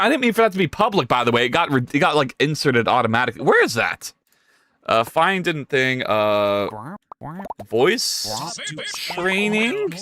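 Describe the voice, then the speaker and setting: A man's voice: medium pitch, pushed and bright. A man streaming his game development live, talking to chat in a frantic, exclaiming way with a lot of swearing.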